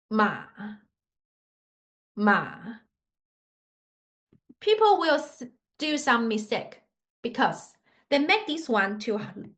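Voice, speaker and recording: A woman's voice: high-pitched, bright, forceful tone. A woman teaching Mandarin tones to learners, patient and demonstrative, with slightly English. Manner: slow, patient, demonstrative, non-native English grammar. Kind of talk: tone pronunciation lesson.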